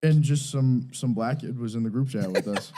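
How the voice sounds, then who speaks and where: A man's voice: mid-range voice, normal speed. Man cracking himself up telling a story. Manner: laughs through his own story, animated retelling. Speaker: podcast guest. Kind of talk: casual storytelling.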